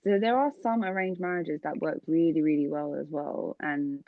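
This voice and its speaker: Woman, 20s, podcast co-host, casual storytelling, animated, deep for a woman, dull lo-fi recording. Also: normal speed, dry recording. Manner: animated storyteller, acts out quotes with big pitch jumps. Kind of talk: casual chat, personal storytelling. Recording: dull, lo-fi, dry sound.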